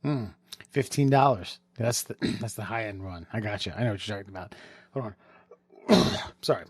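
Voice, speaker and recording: A man co-hosting a casual podcast, reading out listener comments with lots of halting and throat clearing. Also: on the low side, no echo. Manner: halting reader, many fillers and throat clearing. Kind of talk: casual chat.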